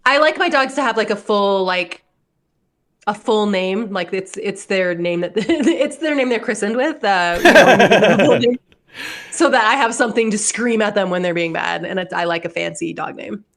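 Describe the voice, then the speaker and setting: Animated woman in her forties, chatty storyteller. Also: medium pitch, moderate pace. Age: 40s. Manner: animated storyteller, acts out voices and laughs often. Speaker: podcast co-host. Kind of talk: casual chat.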